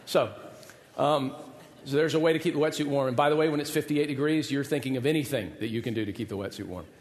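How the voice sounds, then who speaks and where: A man's voice: mid-range voice, fast. Man preaching in an echoey hall. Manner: storytelling, humorous, with self-deprecating asides. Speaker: pastor. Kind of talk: sermon with a personal story. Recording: echoey hall, long reverb.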